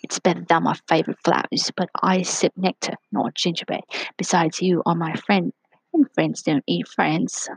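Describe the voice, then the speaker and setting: A woman voicing a kind butterfly in a storybook reading, speaking gently and reassuringly. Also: fairly low pitch, little pitch movement, normal speed, gravelly, husky, no echo, poor audio. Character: kind female butterfly friend. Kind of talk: storybook voice acting.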